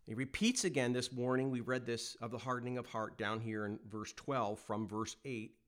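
A male pastor delivering a conversational sermon that builds to emphatic, animated bursts when he voices God. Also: mid-range voice, normal speed. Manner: conversational preaching, rising to emphatic peaks when quoting God.

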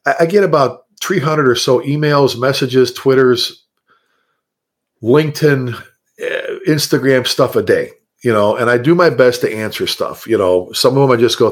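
A middle-aged man, a fire chief, talking casually and animatedly, jumping into high mocking voices for people he quotes. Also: moderate pace. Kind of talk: casual podcast conversation.

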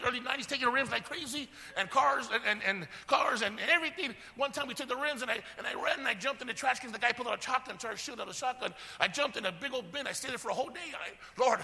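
A middle-aged male pastor preaching a sermon with animated delivery, repeating words and shouting at the high points. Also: creaky. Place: church sanctuary. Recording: long hall reverb.

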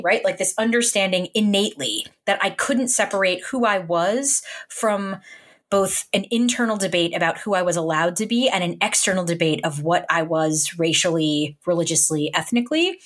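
A woman's voice: mid-range voice, moderate pace. A woman in her forties co-hosting a podcast, telling stories animatedly in casual chat with lots of "like". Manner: animated storytelling, frequent "like". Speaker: podcast co-host.

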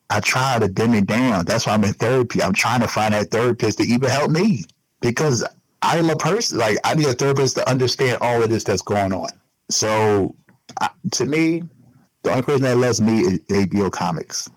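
Sex: man. Role: interviewee. Style: emotional personal interview. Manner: earnest, repeating points for emphasis. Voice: low-pitched. Sound: dry, close. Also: a little fast, dry recording, rough recording.

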